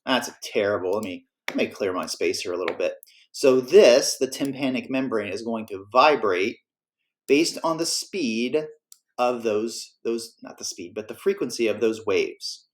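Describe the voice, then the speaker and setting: A man's voice: mid-range voice, lively intonation, a little slow. A man teaching a class, explaining in a casual, self-correcting way. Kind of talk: classroom lecture.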